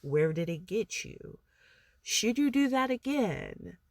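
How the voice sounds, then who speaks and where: This woman's voice is a little high and sing-song, slow, with a darkish tone and no echo. A motivational vlogger, she rambles through casual advice to camera, full of fillers and "like," with laughs between thoughts.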